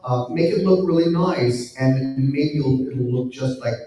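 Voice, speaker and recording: A man speaking on a live panel discussion, halting with many fillers and restarts. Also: medium pitch, warm tone, faint music behind. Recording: echoey room heard from far off.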